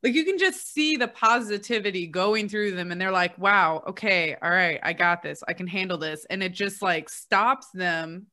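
A woman's voice: mid-range voice, moderate pace, few pauses, pushed and bright. A young woman in casual conversation, bubbly, laughing often and saying "like" a lot.

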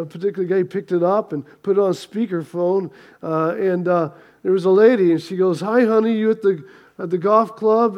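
A pastor telling a joke and then preaching to his congregation in a quick, storytelling way. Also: high voice, muffled recording. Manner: storytelling, quick and animated, many restarts. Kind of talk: sermon with a joke.

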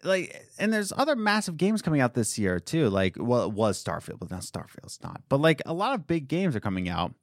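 A young man co-hosting a casual podcast about video games, talking in an excited, rambling way. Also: fairly quick, few pauses, no echo, studio quality. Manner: excited, rambling, jumps between high and low pitch. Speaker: podcast co-host.

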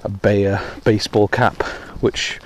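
Rambling man, low voice, outdoors. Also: level tone, slow pace, a little hiss or hum. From Wales. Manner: rambling, self-deprecating, many ums. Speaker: podcast host. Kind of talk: casual monologue while walking. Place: outdoors in heavy rain. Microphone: hands-free phone headset.

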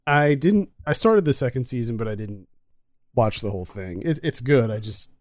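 A man co-hosting a casual movie review chat, talkative and quick to laugh. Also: medium pitch, lively intonation, no echo, clean studio sound. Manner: chatty, laughs easily. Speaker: podcast co-host.

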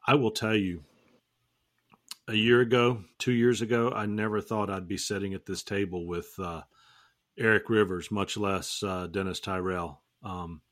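Lower-voiced joking man host. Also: fairly even intonation, moderate pace, fairly bright tone. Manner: joking, teasing, rambling. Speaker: podcast host. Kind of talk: casual roundtable chat.

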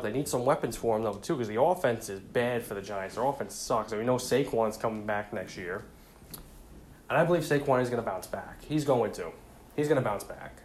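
Man, casual football talk, repeats himself, faint background hiss. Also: medium pitch. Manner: conversational, repeats points, frequent "you know". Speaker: sports commentator.

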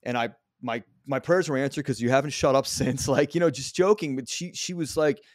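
A man's voice: medium pitch, a little fast, no echo, studio quality. A middle-aged man hosting a podcast, telling personal stories in a candid way and often swearing. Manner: candid, profane storytelling. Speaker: podcast host. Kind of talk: casual conversation.

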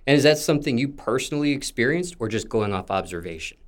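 A man hosting an interview, asking his guest questions in a formal, measured way. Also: mid-range voice, expressive.

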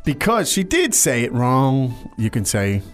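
A man's voice: mid-range voice, sing-song, measured pace, soft background music. A man hosting a language lesson podcast, explaining words in a chatty way with frequent restarts.

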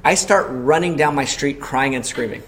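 A man's voice: medium pitch, normal speed, a little hiss or hum. A man preaching a sermon as pastor, telling a personal story in a conversational way and asking the congregation questions. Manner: storytelling with loud acted panic in quotes.

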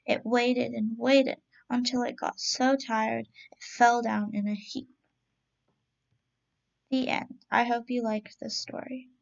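Brief: woman reading bedtime stories, gentle and slow, gravelly edge, dull recording. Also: a little high, level tone. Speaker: storyteller. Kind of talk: reading children's stories aloud.

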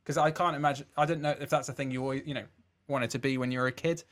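A man's voice: medium pitch, fairly even intonation, racing, fairly bright tone. A man hosting a casual podcast, asking the guest questions and often restarting mid-sentence. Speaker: podcast host.

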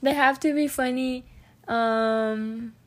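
A young woman in casual, filler-heavy chat about dating, sarcastic and quick to laugh. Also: high-pitched, steady tone.

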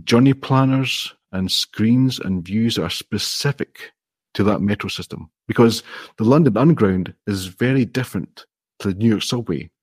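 A man's voice: lowish voice, moderate pace, husky, no room sound, clean studio sound. A man, an indie app developer, explaining his approach step by step in a friendly, modest way during a casual interview.

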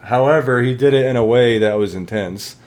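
Man, mid-pitched, casual profane storyteller who rambles. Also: fairly quick, darkish tone. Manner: rambling, heavy swearing, laughs through the story. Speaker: guest telling an army story.

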